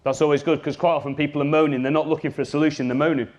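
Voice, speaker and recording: Speaking rapid-fire in a fairly high pitch, a man leads a live workshop as a business trainer. His talk is lively and full of jokes, aimed straight at the audience.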